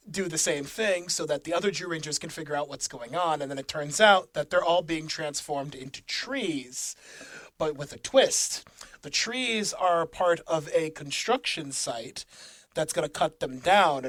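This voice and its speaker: A man's voice: fairly high pitch, unhurried, fairly bright tone, no room sound. A man co-hosting a casual podcast, recapping episodes with frequent laughs and fillers. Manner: laughs often, fillers and restarts while recapping plot. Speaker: podcast co-host.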